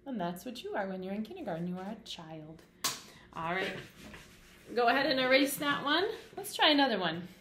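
A woman teaches young children phonics, her voice sitting at an ordinary middle pitch. She talks in a sing-song teacher manner, asking questions and answering them herself. The room around her rings with a noticeable echo. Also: very animated, a little fast, a bit bright, a little hiss or hum. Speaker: kindergarten teacher. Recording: roomy echo.

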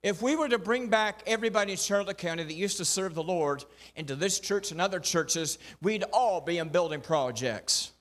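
A man's voice: high voice, moderate pace, few pauses, a bit bright. A male pastor, preaching a folksy sermon with rhythmic repeated refrains.

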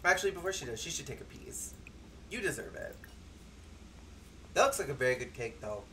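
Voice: medium pitch, very animated, a little fast, pushed and bright, slight background noise. A game streamer giving joking let's-play commentary, with sudden squeals and bursts of laughter. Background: faint game music.

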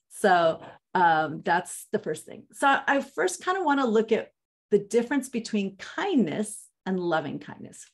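A woman in her fifties teaches a seminar and drifts into a personal story along the way. Her voice sits at a middle pitch. She sounds eager and warm about her material, and her speech is full of ums and restarts. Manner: enthusiastic storyteller, frequent ums. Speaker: Jewish educator.

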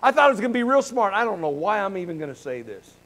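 Fervent older pastor with a high voice. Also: male voice, very animated, fast talker, a bit bright, low-quality recording. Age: 60s. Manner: fervent, folksy and candid. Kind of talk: prayer and casual sermon. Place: church sanctuary.

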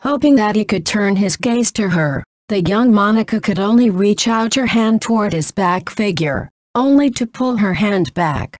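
A woman narrating a novel in a flat reading that says punctuation aloud. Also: medium pitch, normal speed, few pauses, no room sound, studio quality.

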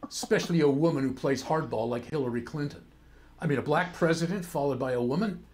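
A man's voice: on the high side, quick pace, darkish tone, close to an everyday voice. A man playing a weary, cynical older senator and father, grumbling with sardonic exasperation in a stage play. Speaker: actor in a play.

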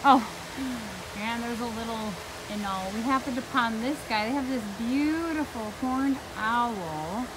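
Against background noise, a woman with a slightly high, unhurried voice records a casual walk-through vlog outdoors at a theme park. This travel vlogger is bubbly and chatty, cooing at each animal she passes.

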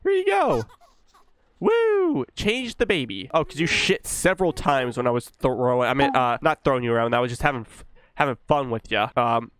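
A man's voice: medium pitch, a little fast, fairly bright tone, clear, resonant tone, dry recording. A young man giving casual, profane let's-play commentary, joking and scolding the game baby. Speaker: gaming YouTuber.

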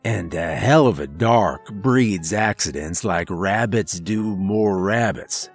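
A grizzled old trucker, as a man puts him on, drawls slow, folksy warnings in a low voice. He sounds crude and weathered, a diner regular in a spoken horror story. Faint music plays under him. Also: animated, slightly rough, heavily acted.

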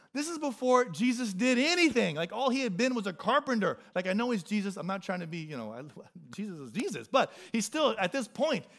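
A young adult male pastor preaching a sermon, emphatic and repetitive, with casual joking asides to the congregation. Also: high voice. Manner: animated, emphatic preaching with repeated phrases.

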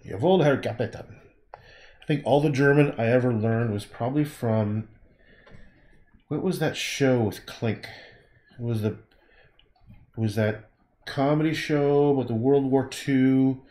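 A man's voice: mid-range voice, steady tone, takes it slowly, pauses often, dark tone, reverberant. Rambling man muttering while he paints. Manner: rambling, muttering to himself, self-interrupting. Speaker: painter livestreaming his work. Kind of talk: casual thinking aloud while painting.

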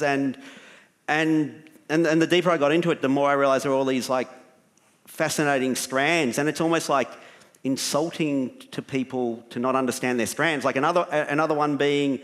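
A man's voice: medium pitch, fairly even intonation, fairly quick, a bit bright. A man, an author on a writers' panel, telling a long story in a casual, rambling way with many restarts and fillers.

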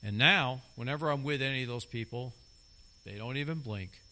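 A man's voice: medium pitch, normal speed, pushed and bright. A middle-aged man preaching a sermon as a lay preacher, talking emphatically and repeating key phrases for stress.

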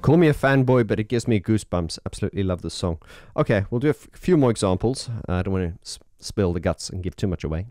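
A man's voice: lowish voice, lively intonation, quick pace, hardly any pauses, darkish tone, no room sound. A man with an early morning voice, a keyboard player walking through his setup in a casual, enthusiastic, rambling way. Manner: enthusiastic, rambling, many fillers. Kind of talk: casual demo talk.

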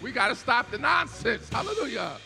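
A pastor preaching a sermon in a church, shouting and half-singing his peaks, then dropping low for quiet asides. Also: very animated, brisk, creaky. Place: church sanctuary. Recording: church hall reverb with faint organ music.

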